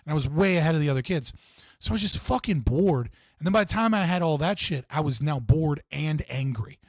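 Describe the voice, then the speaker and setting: A man chats on a livestream in a slightly higher register, rambling through stories with lots of swearing and "like." The sound is dry and close, with no room around it. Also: animated, a little fast, no echo. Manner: profane, rambling storytelling with frequent fillers. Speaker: streamer host. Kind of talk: casual livestream chat.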